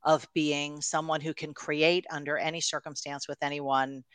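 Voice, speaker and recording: A woman in her fifties from New York, a guest coach telling stories in an animated, chatty podcast conversation. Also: low voice, moderate pace, clean tone, no echo. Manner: animated storyteller, laughs easily.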